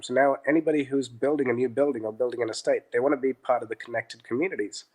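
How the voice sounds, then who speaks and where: A middle-aged man at an ordinary pitch guests on an interview podcast, telling his business stories casually and fast. He's animated, slipping into other voices to act out what people said.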